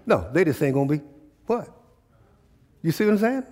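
A male pastor delivers a sermon in a relaxed, conversational dialect, drawing his congregation into call-and-response through rhetorical questions. His voice is somewhat high for a man, with big pitch swings, a moderate pace, and a slightly mellow quality. The sound echoes around a church hall with a long reverb tail.

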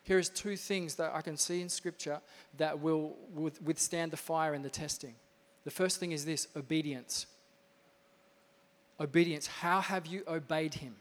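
High-voiced man preaching energetically. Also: unhurried. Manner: energetic, emphatic preaching with repetitions. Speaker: pastor. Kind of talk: sermon. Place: church. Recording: reverberant church hall.

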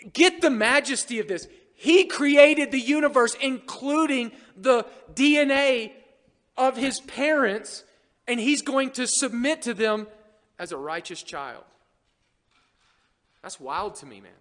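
High-voiced joking preacher in a hall. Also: male voice, a bit bright. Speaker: pastor. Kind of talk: sermon. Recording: long hall reverb.

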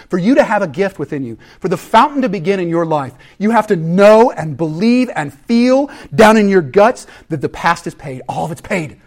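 Male pastor, lively sermon, jokes with the congregation, loud peaks and quiet drops. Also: on the high side. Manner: animated preaching with sudden loud peaks and hushed drops; conversational and joking with the congregation.

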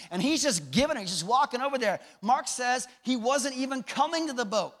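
A man's voice: very high-pitched, expressive, a little fast, a bit bright. A man preaching a sermon in a conversational way, often asking the audience questions. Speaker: pastor. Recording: echoey hall.

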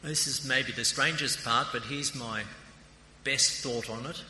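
An Australian man delivers a sermon in a chatty, story-telling style, his voice bright and tense at the edges. His words ring through a roomy hall with a long reverb, and a faint hiss sits underneath. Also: medium pitch, measured pace. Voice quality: introverted by nature. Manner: conversational, anecdotal preaching. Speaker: preacher and theological college principal.

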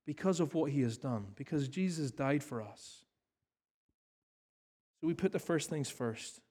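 A man's voice: medium pitch, darkish tone. A male pastor preaching an earnest sermon, repeating key phrases for emphasis and then leading a prayer. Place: church hall.

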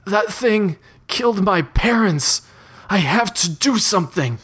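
A man's voice: sits high, lively intonation, unhurried, a bit bright, breathy edge, voice pushed up, exaggerated voice. A man voicing a hotheaded young hero. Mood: overwrought.

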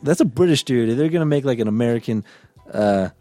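A man's voice: medium pitch, lively intonation, fast, warm tone, no echo, soft background music. A young man co-hosting a casual podcast chat, blunt and joking, with slangy talk. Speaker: podcast co-host.

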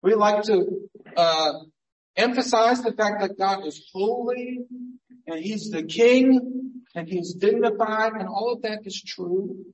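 In a church sanctuary, a man's high voice carries an earnest, conversational sermon full of rhetorical questions at an unhurried pace. Picked up by a distant mic, the lo-fi recording echoes around the hall.

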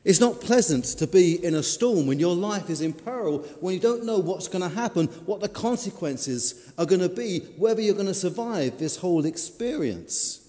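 A man preaches in a storytelling way, leaning hard on his words and then easing off. His voice is mellow and a little higher than usual for a man. It rings out with a long reverb, like in a big hall. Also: lively intonation, normal speed, hardly any pauses. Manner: storytelling, dramatic, varied emphasis. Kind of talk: sermon.

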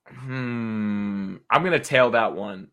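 A man's voice: fairly low pitch, takes it slowly, bright, forceful tone. A man in a casual sports betting chat, laid-back and swearing freely, calling the others bro and dude.

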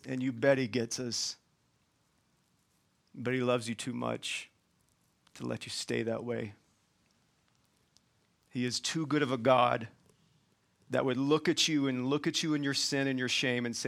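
A man preaching a sermon in a colloquial, folksy way, swinging from loud emphatic points to quiet asides. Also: mid-range voice, level tone, unhurried, gravelly, pauses often.

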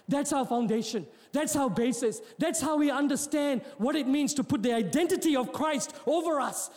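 A man's voice: very high voice, normal speed, hardly any pauses. A man preaching a sermon in a church, joking with the congregation and often repeating his words. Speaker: pastor. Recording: long hall reverb.

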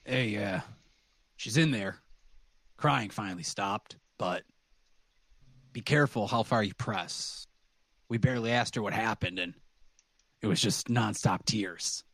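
A man doing a gruff, defensive guard. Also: lowish voice, a little slow, pauses often, fairly bright tone, dry recording, voice pushed down. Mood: wary. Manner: defensive, offhand.

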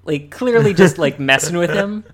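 A man's voice: sits high, expressive, normal speed. Male co-host, casual chat, rambling delivery full of fillers. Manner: rambling, many "like" fillers and restarts. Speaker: podcast co-host. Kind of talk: casual chat analyzing a cartoon.

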